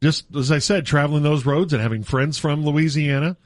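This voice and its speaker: A man hosting a radio talk show, arguing his point in an animated, casual way. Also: fairly high pitch, brisk, dry recording, clean studio sound. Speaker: radio sports talk host. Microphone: studio mic.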